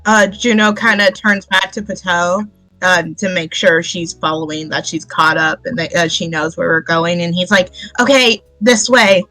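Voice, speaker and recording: Lowish-voiced woman player, dry sound. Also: flat delivery, normal speed, sharp tone, no room sound, faint music behind. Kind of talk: tabletop game play.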